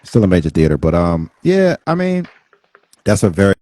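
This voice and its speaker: A man talking as a guest on a casual podcast, relaxed and reflective, often restarting his sentences. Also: low-pitched, normal speed, no echo. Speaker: guest musician. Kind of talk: casual chat.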